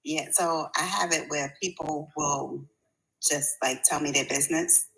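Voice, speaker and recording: A woman speaking hesitantly as a client in a reading session, pausing often. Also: sits low, steady tone, gravelly, a bit bright, low-quality recording. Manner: hesitant, many pauses and fillers. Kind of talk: casual conversation in a reading session.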